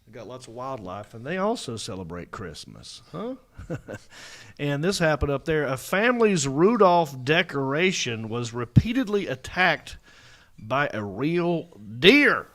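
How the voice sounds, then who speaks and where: A man hosting a comedy show, telling funny news stories in a jokey, playful way with bursts of animated emphasis. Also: mid-range voice, measured pace. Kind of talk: casual comedic chat.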